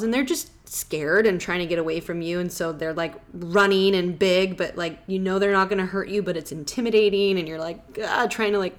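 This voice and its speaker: A woman's voice: lowish voice, fairly bright tone. A woman hosting a podcast, telling travel stories in a rambling, casual way, full of fillers. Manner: rambling, full of "like" and "you know". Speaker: podcast host.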